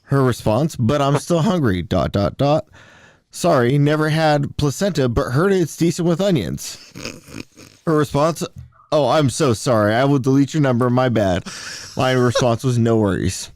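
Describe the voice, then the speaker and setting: A man's voice: mid-range voice, normal speed, dry recording, studio quality. A man co-hosting a podcast, animatedly telling a funny story in casual banter. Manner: animated storyteller, reads texts aloud. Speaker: podcast co-host.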